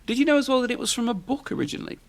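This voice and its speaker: Man, 40s, gravelly voice, podcast host, rambling casual chat. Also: very high-pitched, expressive, rapid-fire. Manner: chatty, rambling, tosses questions to co-host.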